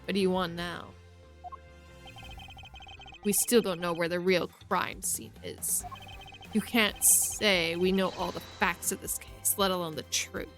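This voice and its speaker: A woman's voice: fairly low pitch, steady tone, measured pace, pauses often, a bit bright, soft background music. A woman voicing a stiff, proud young male prosecutor in a game read-through, formal and indignant. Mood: cool.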